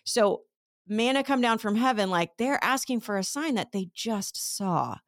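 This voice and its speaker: A woman's voice: a little high, measured pace, no echo, studio quality. Chatty woman teaching a Bible verse. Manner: conversational, retells scripture scenes in lively everyday speech. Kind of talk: casual Bible lesson.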